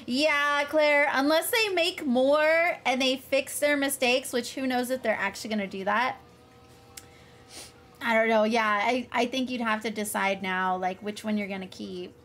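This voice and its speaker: A woman's voice: a little high, unhurried, fairly bright tone, slight background noise. A woman streamer chatting casually with her live chat, laughing often and talking to viewers by name. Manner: giggly, frequent laughter, chatty asides to chat.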